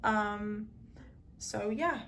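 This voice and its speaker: An earnest woman talks through a tarot card reading to her viewers, her voice at a middling pitch. She rambles and circles back, filling gaps with "um" and "like". A faint hiss sits under her voice. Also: drawn-out words, fairly bright tone. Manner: rambling, full of "um" and "like"; earnest, emotional.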